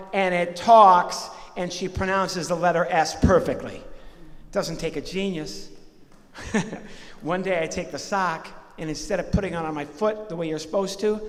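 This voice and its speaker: A man doing live stand-up comedy and ventriloquism in a church, chatty and animated with the audience. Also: high voice, a little slow. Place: church hall. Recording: live hall reverb, faint ambience.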